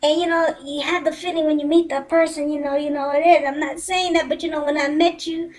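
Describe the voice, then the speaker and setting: Woman doing a smooth-talking guy on a date. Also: sits high, steady tone, brisk, lightly acted. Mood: flirting.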